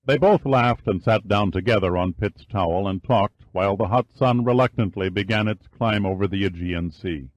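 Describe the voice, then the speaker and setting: A man narrating an audiobook in a measured, steady reading style. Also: fairly low pitch, highs cut off. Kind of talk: scripted narration.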